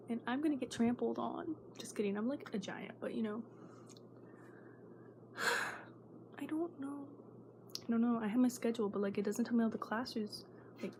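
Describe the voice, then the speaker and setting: A teenage girl talks straight to her camera in a slightly high voice, rambling nervously and often sinking into a whisper. The recording carries a steady, clearly audible background noise. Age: teens. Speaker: vlogger. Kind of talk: casual vlog chat.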